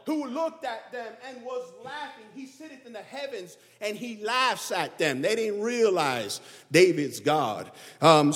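A man preaching a sermon with emphatic delivery, swinging his pitch and volume up and down. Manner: emphatic preaching that rises and drops in pitch and loudness. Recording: long hall reverb.

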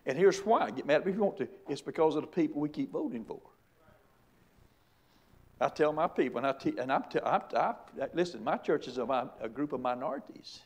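A middle-aged man, a pastor preaching a sermon with emphatic, repeated rhetorical questions. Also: a little high.

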